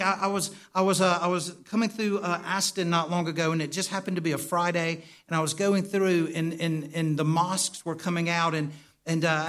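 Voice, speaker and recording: A man preaching a sermon in a conversational way, often stumbling and repeating words while he calls out to his congregation. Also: high voice. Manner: animated, calls for responses from the congregation. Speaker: pastor.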